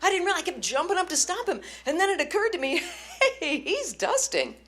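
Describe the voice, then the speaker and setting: Animated woman stand-up comic. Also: extremely high pitch, quick pace. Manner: chatty, animated storytelling. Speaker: stand-up comedian. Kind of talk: stand-up comedy set.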